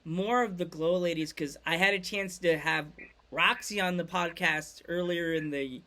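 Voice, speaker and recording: A man of forty from Long Island hosting a podcast, chatting casually and rambling with excited restarts. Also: a little high, normal speed. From Long Island, New York. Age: 40s. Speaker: podcast host. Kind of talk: casual chat.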